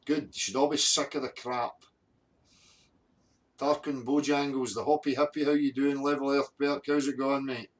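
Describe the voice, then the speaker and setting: A man's voice: mid-range voice, steady tone, moderate pace. A Scottish man hosting a live stream, ranting bluntly with heavy swearing and greeting viewers from the chat. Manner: angry, heavily sweary, blunt. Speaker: livestream host.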